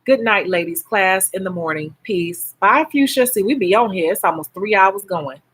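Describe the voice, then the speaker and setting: A woman's voice: mid-range voice, animated, normal speed, a bit bright, husky. A woman with a Chicago accent hosting a casual live stream as a nail technician, chatting frankly and answering viewer comments.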